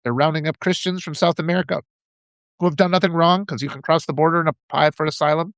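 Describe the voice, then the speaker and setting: A man's voice: on the high side, steady tone, quick pace, fairly bright tone, no room sound. A man giving an impassioned political monologue, ranting and mimicking opponents in mocking voices. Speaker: political commentator.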